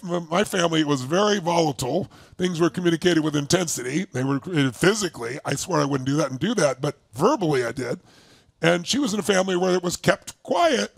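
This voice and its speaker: A man speaking at a relationship seminar, telling lively stories and acting out his wife's lines in a high voice. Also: gravelly, breathy edge, no room sound. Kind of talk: lively talk to a seminar audience.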